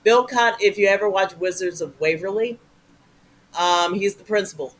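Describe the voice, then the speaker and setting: A man with a somewhat high voice talks with a lot of energy and jokes as an interview guest. He jumps between playful bits and warm praise for his colleagues in a loose, chatty way. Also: normal speed, poor audio. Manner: animated, enthusiastic, jokey. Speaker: improv performer, guest. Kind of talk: casual interview chat.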